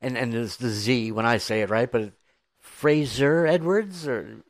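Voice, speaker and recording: A man's voice: mid-range voice, lively intonation, moderate pace, dry recording. An American man hosting a podcast, chatting in an enthusiastic, storytelling way full of asides. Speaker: podcast host. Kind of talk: casual podcast chat.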